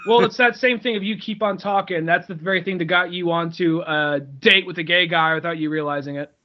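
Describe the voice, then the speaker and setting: Fast-talking man on a podcast. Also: high-pitched, steady tone, dull audio. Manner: quick, jokey. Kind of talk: casual chat.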